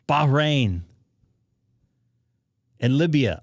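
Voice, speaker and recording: A man hosting a casual live stream about amateur radio, chatting to viewers while he troubleshoots his setup out loud. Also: medium pitch, normal speed, dry recording.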